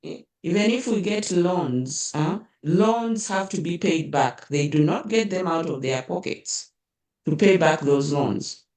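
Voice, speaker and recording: A woman's voice: fairly low pitch, a little slow, a little mellow, roomy sound, distant mic. A woman with a Ugandan accent giving impassioned political commentary, indignant and rhetorical, often adding "eh?" and "hmm?".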